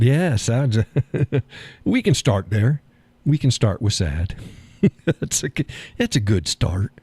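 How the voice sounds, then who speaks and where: A man's voice: medium pitch, a little mellow, husky, no room sound. An older man hosting a live stream, talking in a folksy, sardonic way and chuckling often. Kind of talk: casual political chat.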